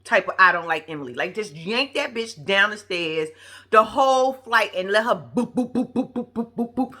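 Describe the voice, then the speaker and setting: A woman's voice: mid-range voice, expressive, normal speed, sharp tone. A woman giving casual, profane, gossipy commentary on a reality TV episode, laughing often as she talks. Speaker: reality TV recap vlogger.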